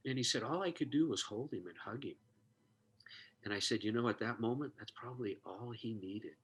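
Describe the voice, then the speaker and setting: A man's voice: medium pitch, fairly quick, a bit bright, slightly rough. A man telling a heartfelt story in conversation, earnest and moved, acting out the dialogue he recounts. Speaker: guest, suicide prevention expert.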